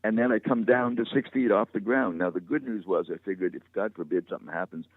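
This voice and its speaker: A man's voice: lowish voice, quick pace, dry recording. An older man, a guest in an interview, telling stories with a dry wit. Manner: dry-witted storyteller. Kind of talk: anecdotal interview chat. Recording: tinny phone line, dry.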